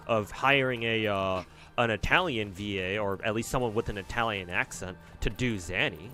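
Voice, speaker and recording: A man's voice: on the low side, normal speed, hardly any pauses, bright, forceful tone. A man streaming a game, thinking aloud in a rambling, casual way and swearing now and then. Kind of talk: casual gameplay commentary. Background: faint game music.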